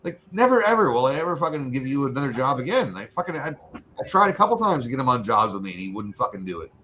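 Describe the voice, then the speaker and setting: A man's voice: medium pitch, sing-song, quick pace, sharp tone, slight background noise. A man chatting casually and bluntly, swearing often and getting worked up as he talks, at home. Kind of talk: casual profane chat.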